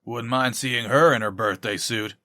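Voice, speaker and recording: A man's voice: mid-range voice, moderate pace, sharp tone, no echo, natural voice. Guy doing a crude short-tempered everyday dude, blunt, dry sound. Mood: leering.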